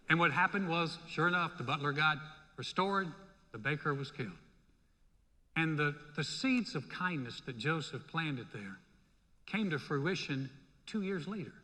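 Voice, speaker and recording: Bright high-voiced male pastor preaching. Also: unhurried, pauses often. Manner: lively, conversational preaching. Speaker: senior pastor. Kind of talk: sermon. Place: church sanctuary. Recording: long reverb in a hall.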